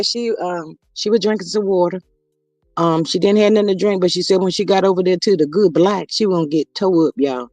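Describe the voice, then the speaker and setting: A high-pitched man runs a casual gossip livestream, drawling asides to his chat and reading viewer comments aloud. His voice is close and dry, with soft music underneath. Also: no echo. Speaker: livestream host.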